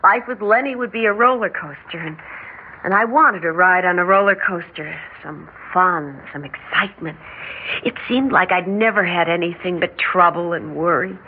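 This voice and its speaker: An actress playing a tender young mother, speaking softly and from the heart in 1940s radio style. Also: fairly low pitch, normal speed, natural voice. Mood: heartfelt. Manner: soft, heartfelt. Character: young mother torn between two brothers, tender. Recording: tinny old radio broadcast with faint hiss.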